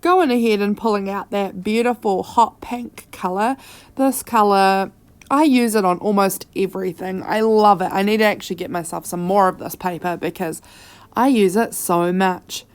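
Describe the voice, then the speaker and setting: A woman's voice: medium pitch, normal speed, smooth. Nasal woman with a cold, chatty. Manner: chatty, enthusiastic, many fillers. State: has a cold. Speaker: craft vlogger. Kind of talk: casual voice-over narration. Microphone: voice-over mic.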